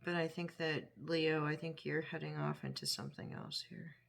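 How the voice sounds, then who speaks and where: Low-voiced woman musing through a tarot reading. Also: fairly even intonation, moderate pace, gravelly. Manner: thinks aloud, musing and chatty. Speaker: tarot reader.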